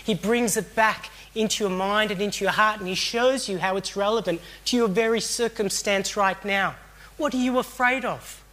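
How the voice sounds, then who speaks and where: A man's voice: high voice, fairly even intonation, normal speed, hardly any pauses, bright, forceful tone. A man preaching a sermon in an earnest, reflective way, often repeating phrases for emphasis.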